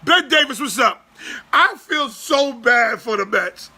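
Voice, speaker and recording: High-voiced man in his forties ranting. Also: expressive, slow pace, husky. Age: 40s. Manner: loud, profane, exasperated ranting. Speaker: sports podcast host. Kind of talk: ranting sports talk.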